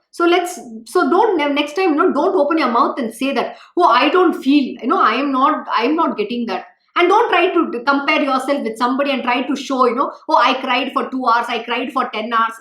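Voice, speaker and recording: A woman's voice: high voice, fairly bright tone, roomy sound. A woman giving an emphatic, scolding devotional talk as a spiritual teacher, full of rhetorical questions.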